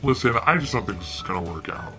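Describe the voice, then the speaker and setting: A woman voicing an awkward young male coworker who talks in a hesitant, halting way. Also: rumbling low, expressive, bright, forceful tone, soft background music, voice pushed down, heavily acted. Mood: flat, halting.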